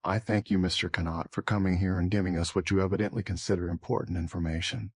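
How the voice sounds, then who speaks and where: A man reading the part of a formal male coroner, speaking in a measured way. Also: deep voice, steady tone, husky, no echo.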